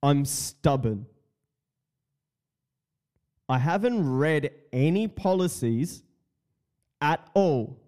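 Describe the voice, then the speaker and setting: A stubborn rural diehard voter speaks bluntly and proudly, as a man puts him on. The voice is slow and mellow, close to the performer's own talk. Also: on the high side, lively intonation. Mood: stubbornly proud.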